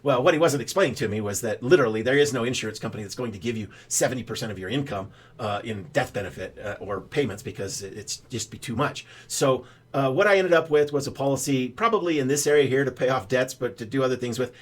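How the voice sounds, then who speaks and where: A man's voice: medium pitch, fast talker. An older man, a financial advisor, telling a rambling story in a casual straight-to-camera explainer, with a lot of "uh" fillers. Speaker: financial advisor pitching whole-life insurance banking.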